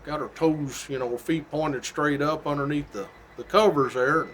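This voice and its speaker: A middle-aged state trooper telling a story from his job in a casual, animated way, laughing often. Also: fairly high pitch, normal speed, a little hiss or hum. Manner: animated, laughs often, folksy drawl-like phrasing.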